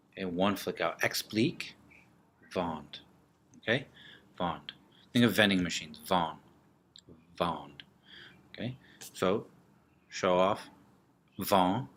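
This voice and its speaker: A man teaching French vocabulary, slowly repeating each word and drilling it with gestures, checking in with "okay" often. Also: low-pitched, fairly bright tone. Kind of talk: classroom vocabulary lesson.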